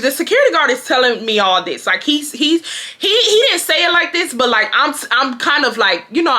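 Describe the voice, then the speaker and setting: A young woman, telling a storytime to her viewers in an animated, slangy way, full of asides and restarts. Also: on the high side. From Houston, Texas. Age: 20s. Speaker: storytime vlogger. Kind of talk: casual storytime.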